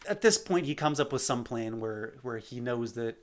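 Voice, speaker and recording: A man's voice: mid-range voice, animated, normal speed. Man casually rambling through a storyboard. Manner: rambling, self-deprecating. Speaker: animator.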